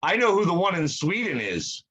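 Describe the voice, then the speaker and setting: A man's voice: sits high, sing-song, normal speed, a bit bright, slightly rough, low-quality recording. A young man co-hosting a podcast, telling rambling stories in casual chat, swearing freely and acting out quotes. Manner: rambling storyteller, swears a lot, acts out quotes. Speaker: podcast co-host.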